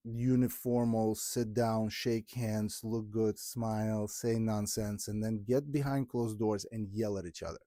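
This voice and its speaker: Earnest man, low voice. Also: mellow, no echo, clean studio sound. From Ukraine. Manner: earnest and heartfelt, with halting restarts. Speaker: podcast host. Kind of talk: candid podcast conversation.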